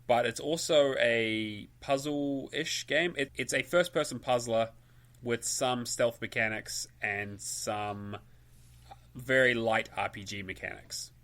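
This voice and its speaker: A man's voice: mid-range voice, slow pace, a bit bright. A man co-hosting a gaming podcast, talking in a casual, rambling way with frequent restarts. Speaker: podcast co-host. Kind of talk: casual chat.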